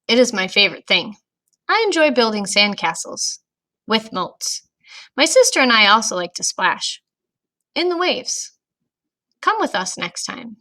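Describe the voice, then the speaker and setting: A woman teacher giving a recorded grammar lesson to children, speaking clearly and patiently to young students. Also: a little high, very animated, measured pace, pushed and bright, low-quality recording.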